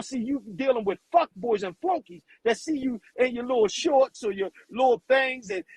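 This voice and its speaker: With a very high-pitched, breathy-edged voice, a livestream host delivers a heated, profane and blunt rant, tripping over repeated words as he gets riled up. The recording is dry and low in quality.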